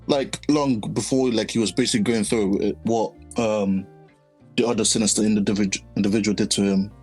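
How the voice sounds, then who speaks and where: A man with a low, gravelly and husky voice talks through an anime episode in a loose podcast chat. He is animated and slangy, and faint music sits under him. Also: low-quality recording. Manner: animated, slangy, quick asides. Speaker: podcast co-host. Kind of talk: casual anime discussion.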